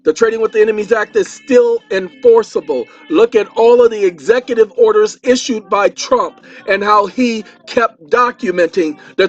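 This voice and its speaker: Man, high voice, chatty host talking viewers through documents, soft music under him. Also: highs cut off. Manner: chatty, repeats for emphasis, talks while typing. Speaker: channel host. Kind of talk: casual lecture to viewers.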